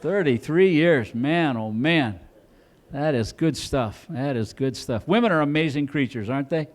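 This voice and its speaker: A man performs stand-up on a comedy club stage, his voice sitting a touch high for a man. He rambles through his stories and banters with the crowd, now and then breaking into loud, exaggerated voices for his bits. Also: moderate pace. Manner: rambling, animated storytelling, bursts into loud put-on voices.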